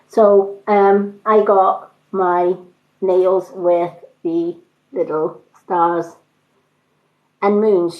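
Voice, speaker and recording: Woman, casual live-stream chat, rambling storyteller, frequent fillers, slightly dull recording. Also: on the low side. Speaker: makeup and skincare seller. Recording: roomy, slightly dull sound.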